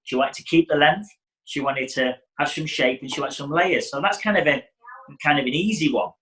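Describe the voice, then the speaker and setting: A man's voice: a little high, a little fast, fairly bright tone, poor audio. Chatty man teaching hairdressing. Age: middle-aged. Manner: chatty, acts out client dialogue. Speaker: hairdressing educator. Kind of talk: casual teaching talk.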